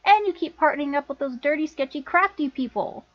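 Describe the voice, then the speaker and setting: A woman's voice: sits high, animated, moderate pace, highs cut off. A woman voicing an angry, bossy older sister in her twenties who scolds and lectures her younger sibling. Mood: lecturing.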